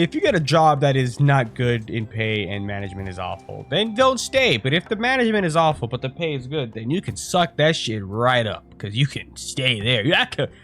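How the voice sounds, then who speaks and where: A man in his twenties chatting casually while playing a game, rambling and profane, venting with sudden loud outbursts. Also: mid-range voice, sing-song, moderate pace, few pauses. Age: 20s. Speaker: gaming streamer. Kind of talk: casual gameplay chat.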